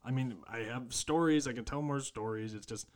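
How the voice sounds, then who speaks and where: Young male podcast co-host, tired, crude storyteller, laughs through his lines, average pitch. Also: moderate pace. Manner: crude, laughs often while telling a story. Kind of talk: casual chat, storytelling.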